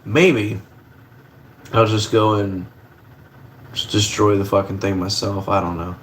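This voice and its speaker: Young man with a lowish voice, laid-back livestream host rambling from his kitchen stove, casual swearing, faint background hum. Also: fairly even intonation, unhurried.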